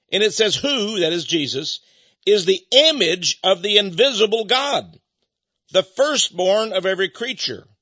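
Male Texan preacher, folksy and emphatic, slightly higher voice, dry sound. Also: bright, forceful tone, breathy edge, no room sound, highs cut off. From Texas. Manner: folksy, emphatic preaching, reads scripture aloud. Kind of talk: sermon.

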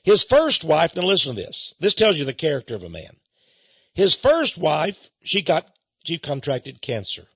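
A man hosting a radio talk show in an impassioned, preaching manner, swinging between loud outbursts and low asides. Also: slightly rough, no echo, muffled recording.

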